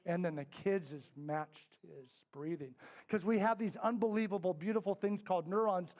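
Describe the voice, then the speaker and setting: A middle-aged man teaching a parenting workshop, talking candidly to a live group. He tells stories, acts out the voices in them and drops to a soft, quiet tone for serious points. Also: high voice, moderate pace. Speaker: parenting class instructor. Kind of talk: storytelling workshop talk. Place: indoor classroom with a live group.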